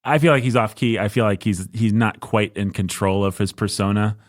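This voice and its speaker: A low-voiced man talks through a relaxed podcast conversation, wandering through his points with jokes and restarts. The sound is close and dry, with no room sound. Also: a little fast, no room sound. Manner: rambling, self-interrupting, jokey. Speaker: podcast co-host. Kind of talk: casual podcast chat.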